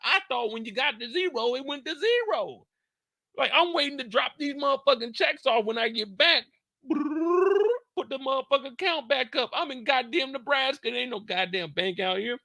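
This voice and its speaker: A man's voice: very high voice, moderate pace, vocal fry, no echo. A man in his thirties hosting a show, telling a story casually, with lots of swearing and acted-out dialogue. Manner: animated, profane, acts out quoted dialogue. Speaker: show host.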